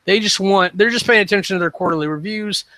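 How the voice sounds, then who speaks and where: Male podcast host, casual and opinionated, rambles, bright tone, fairly high pitch. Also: fast, no echo, rough recording. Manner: rambling, frequent ums and restarts, opinionated. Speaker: web show host. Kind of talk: casual solo podcast review.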